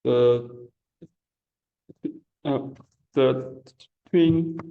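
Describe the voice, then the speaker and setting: A man's voice: medium pitch, extremely slow, gravelly. Hesitant male student, muffled call audio. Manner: hesitant, repeating words after the tutor.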